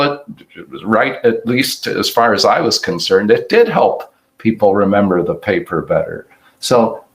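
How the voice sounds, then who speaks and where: An older man delivers an academic lecture in a low, gravelly voice. He speaks slowly and reflectively, pausing and restarting as he works through his slides. His tone stays unhurried throughout. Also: a bit bright, poor audio. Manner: halting, reflective, many restarts. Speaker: hepatologist giving award lecture.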